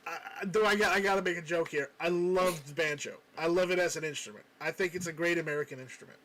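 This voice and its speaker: A man's voice: fairly high pitch, fast, a bit bright, slight background noise. A man hosting a casual livestream, chatting with a co-host and reading viewer comments aloud, often repeating words as he restarts. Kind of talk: casual live-stream chat.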